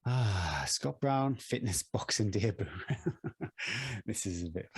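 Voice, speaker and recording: A man's voice: fairly low pitch, lively intonation, very slow, breathy edge. A man co-hosting a running podcast, chatting casually and laughing at his own jokes. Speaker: podcast co-host. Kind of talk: casual chat.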